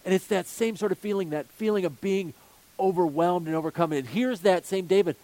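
High-voiced man preaching a sermon. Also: brisk, warm tone. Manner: earnest, builds with repeated phrases and rhetorical questions. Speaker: pastor.

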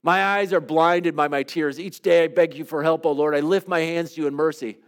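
Earnest man praying in a hushed plea. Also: a little high, fairly even intonation, smooth. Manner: earnest, pleading, with long hushed pauses. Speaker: pastor leading a devotional. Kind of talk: reflective spoken prayer and teaching.

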